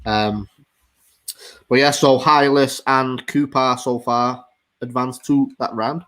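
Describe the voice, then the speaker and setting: A man's voice: mid-range voice, steady tone, takes it slowly, fairly bright tone. A man hosting a rap battle judging panel, casual and hesitant with lots of ums.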